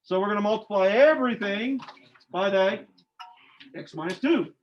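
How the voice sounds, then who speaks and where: A math teacher with a high-pitched voice speaks at a normal speed as he teaches algebra. He jokes with the class and quizzes students while working through problems, all captured in a dull, lo-fi classroom recording.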